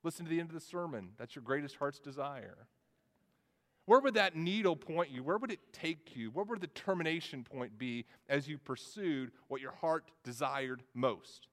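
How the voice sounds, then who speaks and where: A man's voice: fairly high pitch, lively intonation, moderate pace. A man preaching a sermon, earnest and repeating words as he goes. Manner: earnest, with frequent word repetitions. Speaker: pastor. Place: church sanctuary. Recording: long reverb of a church hall.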